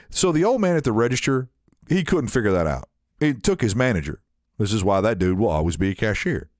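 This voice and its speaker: A man on a podcast telling a story in casual chat, animated and acting out the people in it. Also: medium pitch, brisk, no echo, studio quality. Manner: animated, acts out quoted people in shifting voices. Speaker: podcast co-host.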